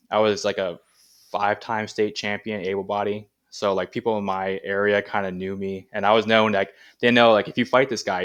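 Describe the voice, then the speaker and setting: Brief: laid-back athlete guest, low voice, casual and rambling. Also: male voice. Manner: relaxed, rambling with many fillers. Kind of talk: casual interview chat.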